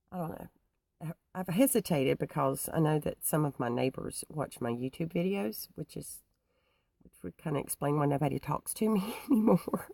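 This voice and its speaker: Gravelly woman telling a story. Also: fairly low pitch, a little mellow, dry recording. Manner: halting, many restarts and fillers, laughs between thoughts. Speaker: YouTuber. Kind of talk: casual personal storytelling.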